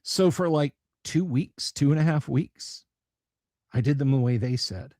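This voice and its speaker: A man's voice: a little high, measured pace, dark tone, no echo, studio quality. A man hosting a casual livestream chat for his tabletop gaming channel, blunt, sarcastic and profane.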